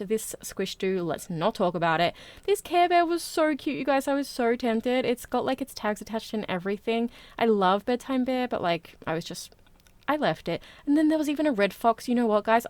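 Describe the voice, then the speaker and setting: A woman hosting a casual haul vlog, bubbly and chatty, talking fast and gushing over her finds. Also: mid-range voice, no room sound. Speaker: plush collecting vlogger.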